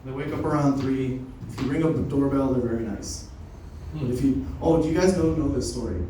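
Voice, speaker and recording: A young man works through a loose, unrehearsed stand-up set at a comedy open mic, spinning stories full of swearing and laughs. His voice sits mid-range with a dark tone and a fairly quick pace. The recording is echoey and distant, with slight background noise.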